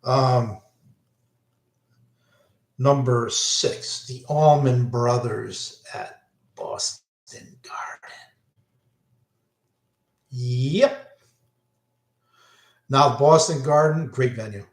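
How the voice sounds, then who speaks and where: Slow rambling older man, echoey room. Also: mid-range voice. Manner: rambling, self-interrupting, enthusiastic. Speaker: vlogger recalling concerts. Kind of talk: casual rambling monologue.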